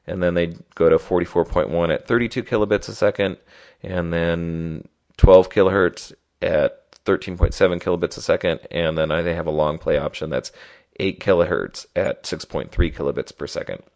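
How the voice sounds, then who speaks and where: A man's voice: low-pitched, a little mellow. A man hosting a solo podcast, talking loosely with many ums, his voice nasal and congested from a lingering cold. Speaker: podcast host.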